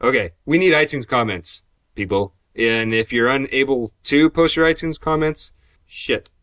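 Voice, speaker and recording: A man's voice: mid-range voice, normal speed, a bit bright, no echo. A man hosting a podcast in casual chat, rambling and joking in a sarcastic way. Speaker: podcast host; graphic designer.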